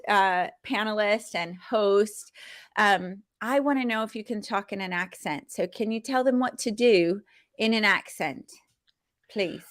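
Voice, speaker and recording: A woman hosting an online summit on a video call, effusive and quick to laugh and praise. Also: mid-range voice, a bit bright. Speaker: event host. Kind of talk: upbeat livestream hosting.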